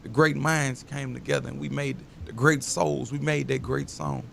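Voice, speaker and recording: A man talking casually as a guest, telling loose, animated stories full of slang. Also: medium pitch, normal speed, gravelly, slight background noise. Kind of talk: casual interview talk.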